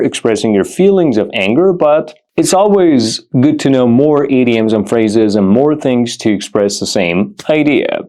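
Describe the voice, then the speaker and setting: A man explains words in a vocabulary lesson, his pitch swinging up and down with lively emphasis. He repeats each example phrase slowly and deliberately so learners can follow. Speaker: English teacher.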